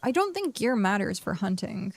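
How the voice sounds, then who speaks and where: A young woman streams a game and chats loosely with her viewers, thinking out loud as she plays. She sounds tired and yawny. Her mid-height voice carries a steady gravelly fry. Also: medium pitch, moderate pace. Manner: rambling, talks to herself and chat. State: tired, yawning. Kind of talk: casual live-stream chat while playing.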